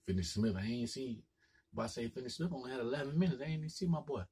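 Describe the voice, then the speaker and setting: A man's voice: medium pitch, fast talker, warm tone, slightly rough. A man hosting a casual reaction video, talking straight to the players on screen in a hyped, slangy way. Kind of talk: casual live game reaction commentary.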